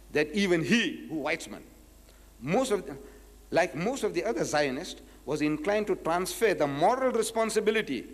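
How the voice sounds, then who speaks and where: A man's voice: on the high side, big-room sound. A man giving a public lecture, reading quotes from a book and pressing his point with emphatic rhetorical questions. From South Africa. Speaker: Islamic lecturer.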